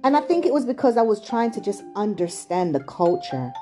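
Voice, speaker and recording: A woman's voice: medium pitch, sing-song, a little fast, warm tone, soft background music. A middle-aged British woman raised in England and Chicago, telling a casual, digressive childhood story full of "like" and "you know". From England, also raised in Chicago.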